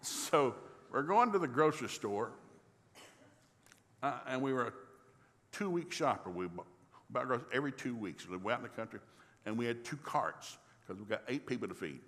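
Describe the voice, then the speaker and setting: An older man, a pastor from the rural South, tells a family story in a folksy, animated sermon. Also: mid-range voice, normal speed, long pauses, in a large hall. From rural American South.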